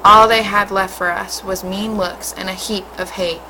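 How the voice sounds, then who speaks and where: A woman, a teacher, reading a storybook aloud in a steady, expressive way. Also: medium pitch, moderate pace, background noise.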